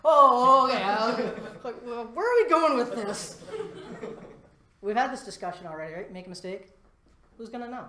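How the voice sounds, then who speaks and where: A man giving a live conference talk, lively and self-deprecating, walking around the stage as he speaks. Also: extremely high pitch, normal speed, crowd noise. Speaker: conference presenter. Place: presentation room before a live audience. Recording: echoey presentation room.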